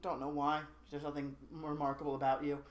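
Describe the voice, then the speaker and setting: A podcast co-host in casual chat, recapping a movie plot in a rambling, joking way with lots of fillers and quick asides. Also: medium pitch, little pitch movement, dull audio. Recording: roomy echo.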